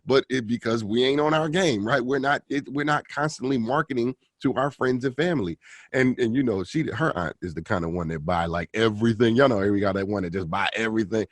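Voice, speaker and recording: A man's voice: medium pitch, a little fast, no room sound. A man on a podcast talking casually and persuasively about selling to friends and family. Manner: casual, persuasive, repeats "right?". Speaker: podcast co-host, car salesman.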